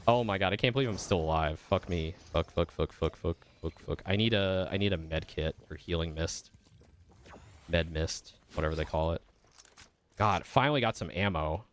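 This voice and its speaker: A low-pitched male voice at normal speed comes through with slight background noise. The speaker, a vtuber, streams a video game and chats casually with his audience in a rambling, filler-filled way, frequently swearing when the game turns heated.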